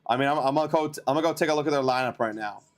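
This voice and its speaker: A man hosting a live baseball stream, chatting to viewers and reading trade news in a rambling, excitable way while tired. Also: mid-range voice, rapid-fire. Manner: excitable, rambling, talks to chat. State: tired, yawning. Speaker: baseball livestream host.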